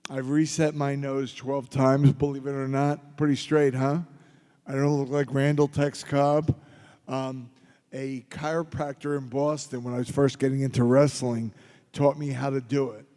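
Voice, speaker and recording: A middle-aged man from Philadelphia, a convention panel guest answering audience questions with joking, gruff anecdotes. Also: mid-range voice, little pitch movement, unhurried, warm tone. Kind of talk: audience Q&A storytelling. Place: large convention hall. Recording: long hall reverb.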